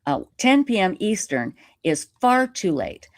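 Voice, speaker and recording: A woman live streamer telling a story in casual interview chat, animated and self-mocking, laughing often. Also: mid-range voice, measured pace, dry recording, clean studio sound. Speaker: YouTube live streamer reading a letter.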